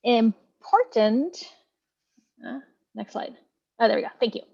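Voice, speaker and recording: A woman from a government agency giving an informative presentation in an online meeting, steady with some fillers. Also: fairly high pitch, a little slow, gravelly, breathy edge, dry recording, dull audio. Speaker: EPA staff presenter. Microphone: video call.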